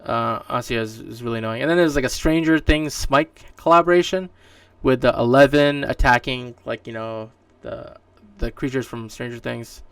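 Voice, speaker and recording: A Canadian man hosts his podcast alone, speaking at a moderate pace with a clean, medium-pitched voice. He drifts casually through gaming news, peppered with fillers and restarts. The distant mic and dry room leave no room sound.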